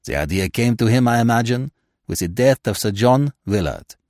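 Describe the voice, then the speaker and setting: A man voicing a calm middle-aged male detective in an audiobook reading, gentle, measured and grave. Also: mid-range voice, no room sound, studio quality, close to an everyday voice. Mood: placid, explaining.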